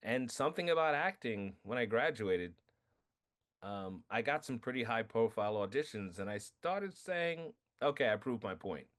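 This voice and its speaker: A man's voice: medium pitch, lively intonation, normal speed, fairly bright tone. Guy being interviewed, frank storyteller, regular mid voice, acts out quotes. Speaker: film director guest. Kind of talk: casual interview conversation.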